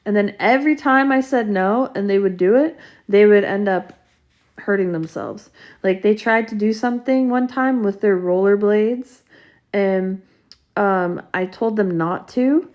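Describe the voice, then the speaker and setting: A woman's voice: medium pitch, unhurried, darkish tone. A woman casually telling a personal story, rambling and restarting, with lots of fillers. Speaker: vlogger.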